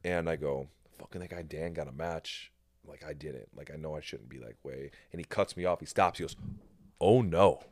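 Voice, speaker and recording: A man with a very low voice hosts a casual podcast chat, telling his story with energy and acting out the other people's lines. He swears freely. The recording is dry and close to the mic. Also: no room sound. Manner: animated storyteller, swears freely, acts out quotes. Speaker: podcast host.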